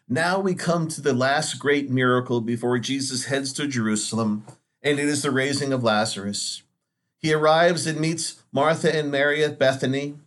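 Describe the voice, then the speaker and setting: A man speaking as a Catholic priest, giving a Sunday homily in an earnest, measured way with dramatic pauses. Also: mid-range voice.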